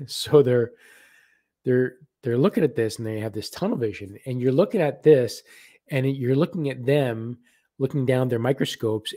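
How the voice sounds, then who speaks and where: A man giving live spiritual readings on a stream, talking gently and haltingly and repeating words as messages come to him. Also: medium pitch, dry recording, clean studio sound.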